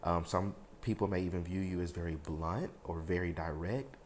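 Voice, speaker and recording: A man with a deep, steady, darkish voice gives his viewers a casual tarot reading at a normal pace, with a slight hiss or hum in the background. He rambles, leans on fillers, speaks frankly, and swears a little.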